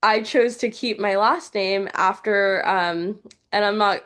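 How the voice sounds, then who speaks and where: A woman's voice: medium pitch, slow pace, fairly bright tone, clean tone. Chatty young woman on a podcast. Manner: chatty, heartfelt, many fillers like "like". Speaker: journalist and news reporter guest. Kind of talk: casual podcast conversation.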